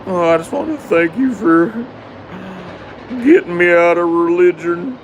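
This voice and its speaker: A man's voice: sits high, lively intonation, slight background noise, voice pushed up, poor audio. A man putting on Billy Buford, nervous caller. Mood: nervous earnest. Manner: halting, earnest, stammering. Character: nervous young male caller from Kentucky.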